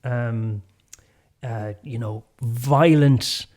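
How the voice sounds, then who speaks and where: A man's voice: mid-range voice, very slow, darkish tone. Wry Irish man on a podcast. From Ireland. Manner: frank and wry, with casual swearing. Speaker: podcast co-host. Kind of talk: casual conversation.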